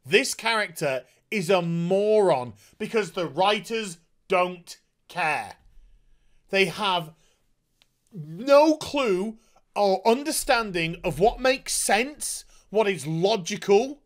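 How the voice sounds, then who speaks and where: A man's voice: high-pitched, expressive, slow. A man reviewing a TV episode in a sarcastic, exasperated rant, swearing freely. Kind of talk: ranting show review.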